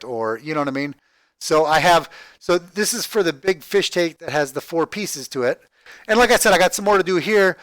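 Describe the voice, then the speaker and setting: A man walking through his project spreadsheet on screen, thinking aloud in a halting, rambling way, repeating words and tagging sentences with "right?". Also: on the high side, fairly bright tone, no echo. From Texas, USA. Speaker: crowdfunding project vlogger. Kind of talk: rambling screen-share walkthrough.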